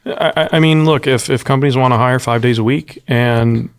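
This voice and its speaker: A man's voice: medium pitch, moderate pace, clean tone, no echo, clean studio sound. A man co-hosting a tech podcast, giving blunt, short reactions. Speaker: podcast co-host. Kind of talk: casual tech news chat.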